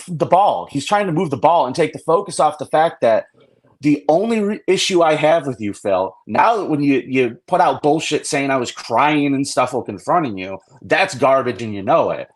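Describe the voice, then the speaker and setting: A man, a guest on a live stream talk show, speaking bluntly and indignantly, swearing freely and rambling as he makes his point. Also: on the high side.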